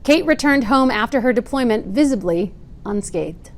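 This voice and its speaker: A woman's voice: fairly high pitch, lively intonation, moderate pace. A woman in her forties, a Marine veteran, reading a prepared speech earnestly with occasional dry, wry asides. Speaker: Marine veteran giving testimony. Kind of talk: prepared speech read aloud.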